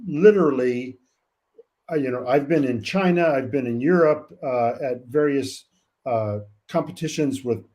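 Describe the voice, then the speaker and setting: Older male coach from California, warm and mellow tone, thoughtful delivery with lots of "uh" pauses; a seasoned guest on a sports podcast. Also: medium pitch. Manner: measured and reflective, many "uh" pauses. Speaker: college track coach, guest. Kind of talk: casual interview talk.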